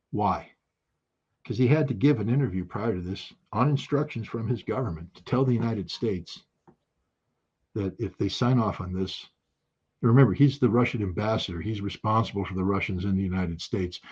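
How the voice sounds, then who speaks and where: A man giving impassioned spoken commentary, emphatic and forceful, hammering home key phrases by repeating them. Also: lowish voice, slightly rough, dull audio. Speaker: political commentator.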